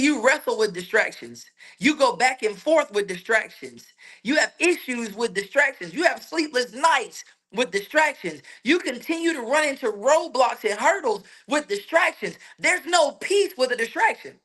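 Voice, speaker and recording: A man preaching a sermon in a colloquial, energetic way, asking rhetorical questions and repeating his points. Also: extremely high pitch. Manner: colloquial, laughs between points.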